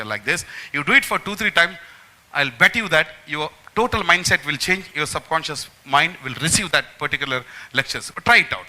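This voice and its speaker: Bright-voiced man lecturing students. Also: a little high, animated, moderate pace, poor audio. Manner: emphatic, repeats phrases, addresses the audience directly. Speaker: magician giving a memory talk to students.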